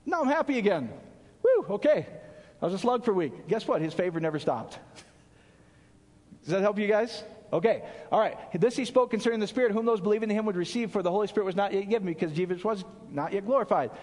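A man preaching a casual sermon to a small group in an animated, conversational way, with jokes and asides. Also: high-pitched, quick pace. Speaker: pastor. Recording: long hall reverb.

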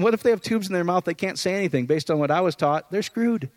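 Preacher, male, conversational and animated, slightly high voice, dry sound. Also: a little fast, no echo. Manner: conversational, animated, often asks "does that make sense". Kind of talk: informal sermon.

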